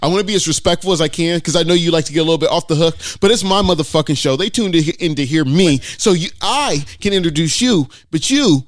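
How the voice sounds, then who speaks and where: A man hosting a comedy podcast, loud and boastful with profane trash talk. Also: fairly high pitch, quick pace, hardly any pauses, dry recording, clean studio sound. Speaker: podcast host.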